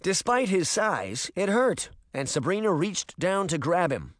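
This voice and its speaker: A man's voice: sits high, sing-song, a little slow, no room sound, studio quality. A man reading a storybook aloud, shifting his voice for each character. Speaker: audiobook narrator.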